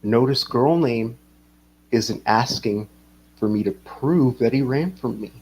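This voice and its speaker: A man's voice: medium pitch, slow, darkish tone, slight background noise. A man hosting a livestream, rambling casually, swearing and reading chat comments aloud. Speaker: livestream host.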